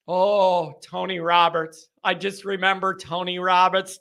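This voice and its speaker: High, bright, rambling male show host. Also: measured pace, gravelly, hardly any pauses. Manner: rambling, animated, jokey rants with sudden shouts. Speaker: host of a call-in sports show. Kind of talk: casual chat reading fan comments.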